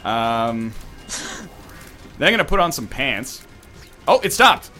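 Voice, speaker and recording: A man's voice: mid-range voice, sing-song, slow, sharp tone, faint music behind. A man hosting a let's play, chatting casually at home with a wry, sarcastic banter while he plays. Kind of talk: casual chat over gameplay. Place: apartment.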